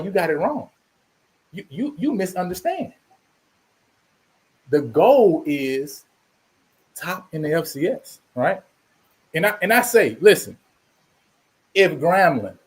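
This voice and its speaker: Animated, emphatic man with a drawl. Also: fairly high pitch. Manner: preachy, emphatic, repeats himself. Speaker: channel host. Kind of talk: animated commentary monologue.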